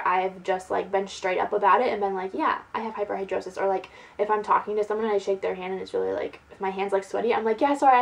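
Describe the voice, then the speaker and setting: A woman's voice: mid-range voice, poor audio. A young woman chatting casually to her camera as a beauty vlogger, giggly and peppered with "like". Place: at home, sitting indoors.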